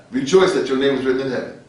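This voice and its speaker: A man's voice: mid-range voice, fast, far from the mic. A man preaching an informal radio sermon, colloquial and street-talking, chuckling often and restarting his sentences. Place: his office. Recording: very echoey room, speaker off-mic.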